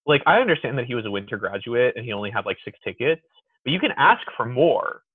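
A man as a podcast guest in casual chat, an animated, exuberant storyteller. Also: medium pitch, fast talker, breathy edge, dry recording. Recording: tinny phone-like dry sound.

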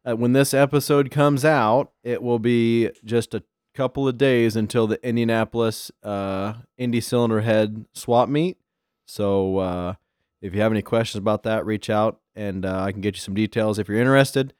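A man's voice: mid-range voice, a little mellow, smooth, no room sound, clean studio sound. A man hosting a podcast, chatting casually and loosely with lots of fillers. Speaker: podcast host. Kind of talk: casual chat.

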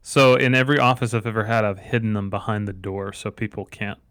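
A man's voice: on the low side, fast talker, no room sound. Joking man, dry close mic. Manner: joking, animated storyteller. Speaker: podcast co-host. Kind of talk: casual chat.

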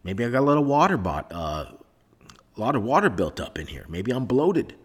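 Alone in a soundproofed room, a podcast host talks into a microphone plugged into his laptop, rambling sarcastically and swearing. His mid-range voice has big pitch swings, a breathy edge and a slightly fast pace.

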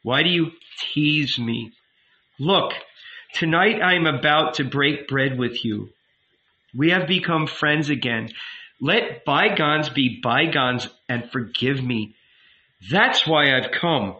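A man's voice: on the high side, slow pace, bright, forceful tone, echoey room, muffled recording. A man reading as a troubled pious youth. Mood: pleading. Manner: strained, pleading. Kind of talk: audiobook reading.

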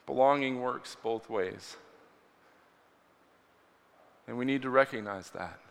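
A man preaching a storytelling sermon in a church hall, earnest and animated as he tells the story. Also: medium pitch, normal speed, gravelly, clean tone. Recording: reverberant hall.

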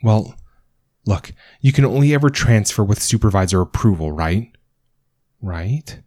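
A man voicing a gentle, steady young husband. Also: lowish voice, a little slow, no room sound, studio quality. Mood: explaining. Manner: soft and reassuring, thinking aloud.

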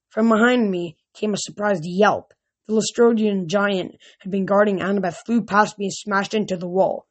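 Woman reading a book chapter out loud, mid pitch, trips over words and restarts a lot. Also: fairly even intonation, unhurried. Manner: reads aloud with frequent slips and restarts; raises voice for shouted lines. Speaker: reader. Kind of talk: amateur audiobook reading.

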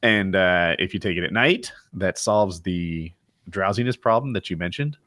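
A man co-hosting a podcast, telling stories in a casual, animated way, swearing and laughing often. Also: sits low, normal speed, no echo, studio quality. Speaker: podcast co-host. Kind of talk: casual chat.

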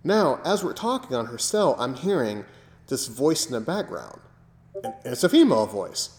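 A man co-hosting a casual podcast chat, telling stories with animated quoted voices. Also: medium pitch, moderate pace. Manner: animated storyteller, acts out quotes. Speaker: podcast co-host. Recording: echoey room with long reverb.

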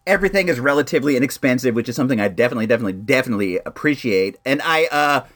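A man hosting a podcast, chatting casually and excitedly as he reviews a toy and makes playful sound effects. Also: mid-range voice, very fast. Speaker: podcast host.

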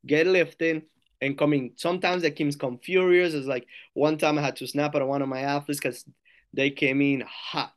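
A man's voice: a little high, little pitch movement, moderate pace. Man with a colombian spanish accent. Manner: earnest, many restarts and repeated words, acts out his own coaching cues. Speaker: strength coach, podcast guest. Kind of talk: casual podcast interview.

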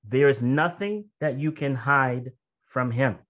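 A man preaching a sermon in a conversational way, telling a personal story. He moves between quick asides and slow, emphatic phrases, and his voice jumps high and loud when he relives strong feelings. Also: lo-fi sound. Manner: rises to loud high-pitched outbursts when reenacting emotion.

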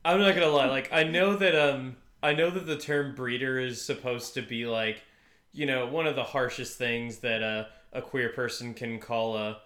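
A man with a bright, forceful voice co-hosts a casual podcast, rambling through recaps and restarting his sentences. He laughs easily, and the room gives his voice a noticeable echo. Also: mid-range voice, fairly even intonation, normal speed. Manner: rambling, self-interrupting, laughs often. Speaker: podcast co-host. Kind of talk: casual chat.

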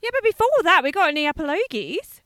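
A woman co-hosting a podcast, giggly and animated in casual chat, swearing freely. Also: very high voice, fast talker, no echo. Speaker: podcast co-host.

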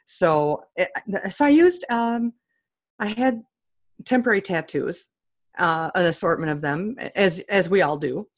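A woman being interviewed as an author, telling funny stories in a lively way and acting out the voices of the people she quotes. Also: on the low side, a little slow. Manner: animated, acts out quoted voices, laughs often. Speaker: author and guest. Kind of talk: comic storytelling in an interview.

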